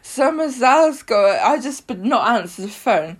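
A woman's voice: a little high, lively intonation, a little slow, slightly rough, pitched above the performer's own voice. A woman acting out a drunk, fretful soap heroine. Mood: fretful, tipsy.

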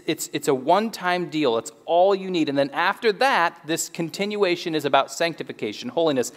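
A man preaching a sermon as pastor, in an earnest, conversational way that often repeats words as he restarts a thought. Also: on the high side. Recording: long hall reverb.

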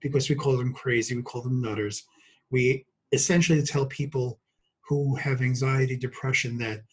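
Husky older man from Brooklyn, guest doctor, stop-start delivery full of jokes. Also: medium pitch, fairly even intonation, poor audio. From Brooklyn, New York. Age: 60s. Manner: halting, many fillers and restarts, joking. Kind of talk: podcast interview.

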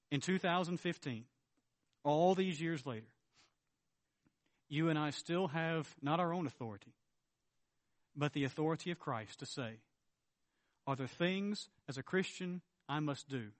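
A man preaching a sermon as pastor, emphatic, swinging between loud declarations and low, earnest tones. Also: no room sound.

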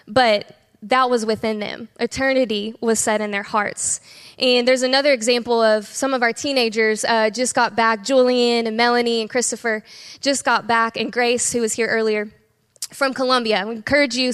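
Woman church leader, storytelling on stage, slightly high voice, big reverberant room. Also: fairly bright tone, clean tone. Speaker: kids ministry director. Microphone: stage microphone. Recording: long hall reverb.

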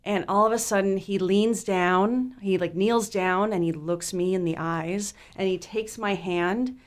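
A woman in her forties telling a story in casual chat, animated and laughing, jumping into squeaky voices for her younger self. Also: a little slow. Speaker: guest storyteller.

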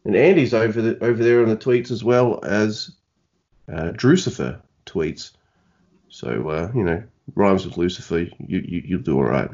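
Low-voiced, rambling male podcast host. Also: moderate pace, a little mellow, dull audio. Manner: rambling, self-deprecating, many fillers and restarts. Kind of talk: casual podcast chat.

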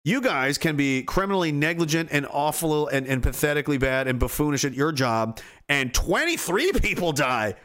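A man's voice: a little high, lively intonation, moderate pace, a bit bright. A man hosting a commentary show, delivering an angry political rant that is profane, sarcastic and mocking.

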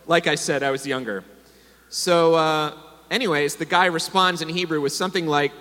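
A man's voice: fairly high pitch, steady tone, moderate pace, bright, forceful tone. Male preacher, sermon delivery with call-and-response, reverberant sanctuary sound. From America. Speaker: pastor. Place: congregation hall. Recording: long hall reverb.

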